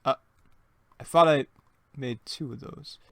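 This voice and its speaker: A young man talks through a building game in a loose, rambling way, thinking out loud and cracking self-mocking jokes. His voice has a gravelly, fry-tinged edge. His pitch sits right in the middle of the male range. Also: unhurried. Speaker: gaming channel host. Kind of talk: casual let's-play commentary.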